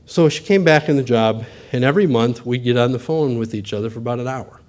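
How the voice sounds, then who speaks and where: A man's voice: medium pitch, animated, quick pace, hardly any pauses, a little mellow. A middle-aged man, a bank executive, giving a talk to an audience in a folksy storytelling way, acting out quoted dialogue.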